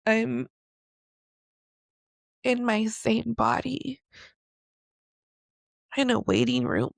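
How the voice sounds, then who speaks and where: A woman hosting a podcast, recounting something painful in a slow, confessional way. Her voice is strongly gravelly with fry and sits fairly high, rising and falling widely as she speaks. The sound is dry and close. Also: very animated, no echo. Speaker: podcast host. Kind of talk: reflective personal storytelling.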